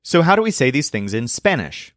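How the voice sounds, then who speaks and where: A man narrating a scripted language lesson with a lively, rising-and-falling voice. He explains things clearly and slows down for each example. The recording is dry and close, with no room sound. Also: medium pitch, dry recording. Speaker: language teacher.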